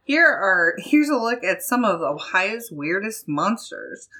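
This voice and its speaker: Slow-talking, bright-voiced woman co-host. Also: medium pitch, very animated. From Ohio. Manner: giggly, laughs often while reading. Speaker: podcast co-host. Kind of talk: casual podcast chat, reading a news article.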